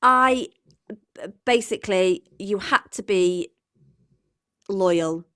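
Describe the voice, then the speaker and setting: A woman's voice: medium pitch, slow, fairly bright tone, clean tone, no room sound, studio quality. Blunt young woman chatting casually. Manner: blunt, matter-of-fact. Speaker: podcast co-host. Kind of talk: casual chat.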